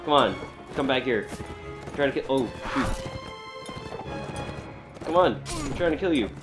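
A man commentating while he plays a video game, reacting with frequent excited outbursts and exclamations. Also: medium pitch, unhurried, music in the background. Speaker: gamer. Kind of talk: gameplay commentary.

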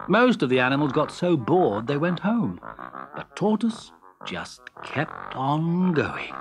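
A woman narrating a children's story in a lively, expressive reading. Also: deep voice, slow pace, soft background music.

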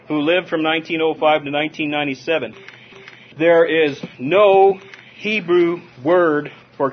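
A high-voiced man from Southern California preaches with lively energy, calling out to the congregation and chuckling as he goes. The recording sounds dull and lo-fi, with the top end rolled off. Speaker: pastor. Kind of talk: sermon.

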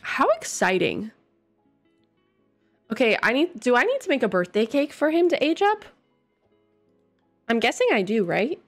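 A young woman casually commenting on a life-sim game she plays, her voice hoarse and congested, breaking into loud squeals of alarm now and then. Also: a little high, huge pitch swings, normal speed, long pauses. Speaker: gaming streamer. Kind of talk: casual let's-play commentary. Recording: faint game music behind.

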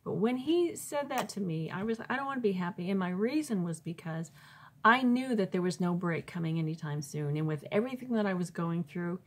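A woman's voice: lowish voice, lively intonation, a little fast. A Christian author, a woman, tells a personal faith testimony informally, with many fillers and restarts, and acts out her own past thoughts in raised, emphatic bursts.

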